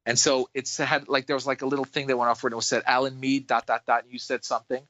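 A man's voice: medium pitch, flat delivery, fast, pushed and bright, muffled recording. A man from New York, a dentist guest on a podcast, telling a rambling story in casual chat with many restarts.

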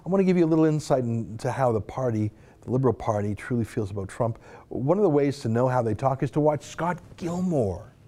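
A man delivers a scornful political monologue, his voice mellow and dark-toned. His pitch leaps and dips animatedly as he mocks what he reads. He scoffs and laughs his way through the quotes he reads out. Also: lively intonation, brisk. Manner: sarcastic, mocking, scoffs and laughs while reading. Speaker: political commentator. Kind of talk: opinion monologue reading tweets aloud.

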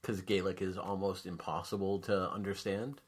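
A man's voice: low voice, level tone, moderate pace, breathy edge. A man chatting casually as a podcast guest, rambling and hesitant with lots of fillers.

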